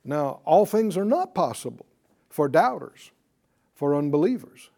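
A man's voice: a little high, big pitch swings, measured pace, gravelly, warm tone. A man teaching a Bible class in a call-and-response style. He stresses and repeats key words and has the class repeat lines back to him.

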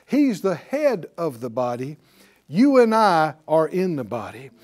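A man preaching a sermon as pastor, animated and asking the congregation rhetorical questions. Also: a little high, measured pace.

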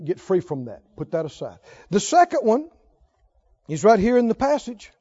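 A male pastor preaching with a very high, lively voice that rises and falls widely. He keeps asking his listeners questions. The recording is dull and lo-fi. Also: moderate pace. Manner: emphatic, asks the congregation questions. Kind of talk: sermon.

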